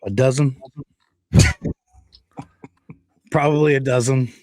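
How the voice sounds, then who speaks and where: A man's voice: mid-range voice, steady tone, takes it slowly, a little mellow, dry recording. A man on a comics panel, joking and laughing often as he talks. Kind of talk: casual podcast chat.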